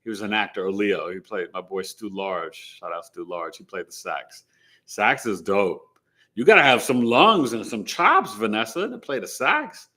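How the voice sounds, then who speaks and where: A New York City man hosts a live astrology stream, talking in a casual, slangy, emphatic way. His delivery is animated and boastful, his voice fairly low, and his pace moderate.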